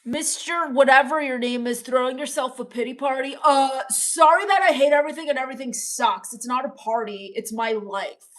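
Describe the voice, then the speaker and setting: A young woman streaming in character, deadpan and sulky, sarcastically complaining while reading chat comments aloud. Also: sits high, moderate pace, few pauses. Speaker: comedic livestreamer reading chat. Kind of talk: in-character comedy livestream.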